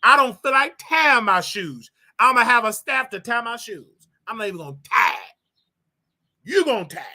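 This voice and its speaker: A man with a bright, forceful voice, hosting his own livestream. He rants to his viewers in an animated, preachy, jokey way, jumping from quiet asides to loud outbursts. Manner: animated, preachy, jokey, with wild swings in pitch and volume. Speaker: host. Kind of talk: solo livestream rant.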